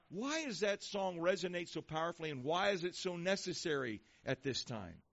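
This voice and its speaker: A man preaching a sermon to a congregation, reading scripture slowly and with stress on each phrase. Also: high-pitched, lively intonation, vocal fry, a bit bright. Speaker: pastor. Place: church before a congregation. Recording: dull lo-fi sound.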